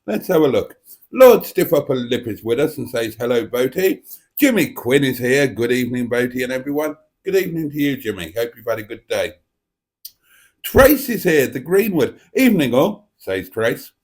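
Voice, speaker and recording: Man, livestream host, rambling, self-mocking, theatrical, desk mic at home, middling pitch. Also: very animated, normal speed, darkish tone. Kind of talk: casual live stream chat. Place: home dining room. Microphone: desk microphone.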